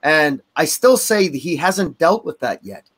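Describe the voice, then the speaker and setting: A man's voice: a little high, big pitch swings, unhurried, fairly bright tone, husky. A man in his thirties, a father, chatting as a podcast guest in a rambling way with many restarts. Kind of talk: casual chat.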